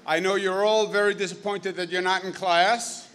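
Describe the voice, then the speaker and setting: Man in his 50s, Queens accent, folksy speech to students, bright, forceful voice in an echoing hall. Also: high-pitched, fairly even intonation, normal speed. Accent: Queens New York. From Queens, New York. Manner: folksy, storytelling, jokey asides. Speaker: governor speaking at a school. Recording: reverberant hall.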